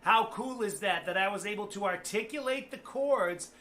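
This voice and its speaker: A man's voice: high voice, moderate pace, bright, forceful tone. A man giving a casual guitar lesson, chatty, with joking asides. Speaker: guitar teacher. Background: guitar playing.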